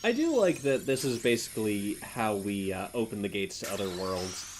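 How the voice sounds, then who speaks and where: A man's voice: on the low side, animated, background noise. A man co-hosting a casual gaming livestream, chatty and joking. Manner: chatty, quick musings and jokes. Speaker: stream co-host. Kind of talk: casual gaming stream chat.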